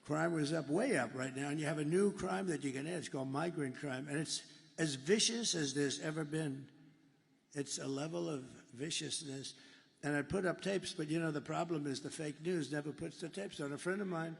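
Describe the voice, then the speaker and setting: A man's voice: a little high, normal speed, vocal fry. A man giving a rambling, emphatic political rally speech, repeating himself for effect. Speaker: political candidate. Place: large rally hall. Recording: echoey hall with faint ambience.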